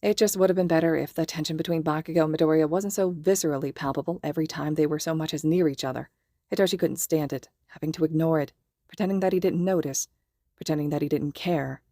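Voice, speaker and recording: Podfic reader: woman, steady narration, low mellow voice, dry close sound. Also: quick pace, no room sound. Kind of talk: scripted narration of fan fiction.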